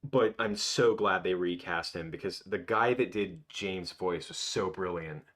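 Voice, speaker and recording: A man's voice: low-pitched, measured pace, fairly bright tone. A man in his twenties hosting a casual livestream, rambling and reminiscing with lots of restarts. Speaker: livestream host.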